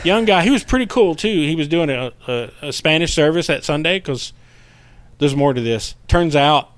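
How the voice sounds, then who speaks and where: A man, a paranormal investigator guest telling a story in casual podcast chat, animated and profane, acting out what people said. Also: a little high, normal speed, no room sound.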